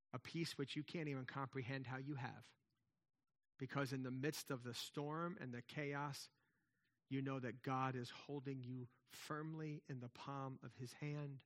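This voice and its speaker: A man's voice: mid-range voice, fairly bright tone. A man preaching a sermon in a conversational way, with emphatic swells and frequent restarts. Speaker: pastor.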